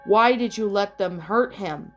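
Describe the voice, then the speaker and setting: A woman's voice: mid-range voice, normal speed, soft background music, lightly acted. A woman voicing a grown father whose speech turns raised, tearful and pleading as he protects his hurt son. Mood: anguished.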